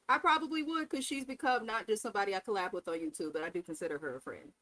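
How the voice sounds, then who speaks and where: Blunt woman with a bright voice. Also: mid-range voice, rapid-fire, few pauses. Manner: candid, blunt, swears freely. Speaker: co-host. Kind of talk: casual recap commentary.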